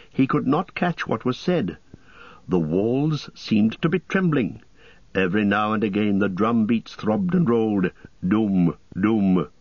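A man's voice: mid-range voice, dry recording. Man narrating an audiobook on cassette. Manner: steady, measured reading. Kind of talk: scripted narration. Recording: dull lo-fi cassette.

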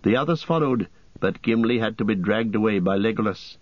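A man reading an audiobook in a steady, measured narration. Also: fairly low pitch, no room sound. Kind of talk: scripted narration. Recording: dull lo-fi cassette.

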